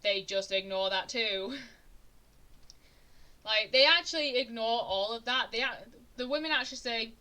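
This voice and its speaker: Bright-voiced young woman streamer, chatty. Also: a little high, moderate pace, long pauses. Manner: chatty, indignant, with frequent restarts and rising emphasis. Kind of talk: casual true-crime storytelling on a live stream.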